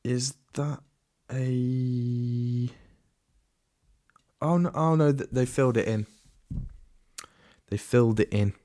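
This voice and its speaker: A man's voice: medium pitch, steady tone, takes it slowly, pauses often, dark tone, dry recording, studio quality. A man hosting a solo podcast in a casual, rambling way, often restarting and trailing off into asides. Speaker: podcast host.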